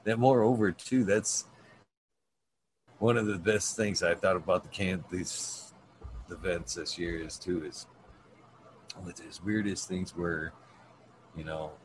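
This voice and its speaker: A man in relaxed conversation, earnest and full of fillers. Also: low voice, takes it slowly, pauses often, noisy background. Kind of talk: casual conversation.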